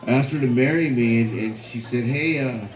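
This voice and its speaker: A man speaking at a memorial, telling a personal story in a halting way with many fillers and repeated words. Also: medium pitch. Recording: echoey hall.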